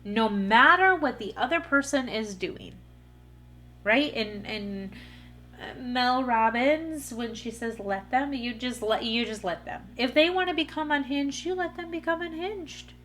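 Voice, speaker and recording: A woman's voice: on the high side, animated, a little slow, a bit bright, slight background noise. A woman hosting a solo podcast, talking earnestly in a coaching way straight to her listeners. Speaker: podcast host. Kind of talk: solo motivational podcast talk.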